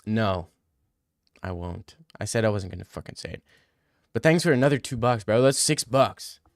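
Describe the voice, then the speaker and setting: Young guy streamer roasting chat, swears a lot, smooth voice. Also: fairly low pitch, lively intonation, normal speed, no room sound, studio quality. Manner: joking, teasing, profane. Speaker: livestreamer reading chat. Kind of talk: casual crude stream banter.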